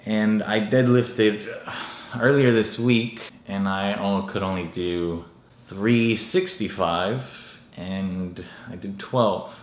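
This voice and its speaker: A drained young fitness vlogger talks in a deadpan, self-mocking way, swearing offhandedly. His voice sits a little low, and the room around him rings with echo. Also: takes it slowly, a little hiss or hum. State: drained and lightheaded from dieting. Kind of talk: casual vlog talk. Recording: echoey room.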